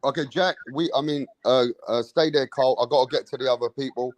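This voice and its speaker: A man's voice: mid-range voice, fast talker, background noise. A man hosting and moderating a heated live stream debate in a firm, brusque way, keeping speakers to time. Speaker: host and moderator.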